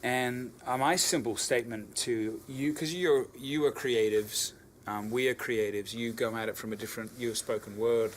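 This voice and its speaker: A young Australian man, a band member, giving reflective, halting answers in an interview. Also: mid-range voice, steady tone, slight background noise. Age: young adult. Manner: thoughtful, halting, with pauses.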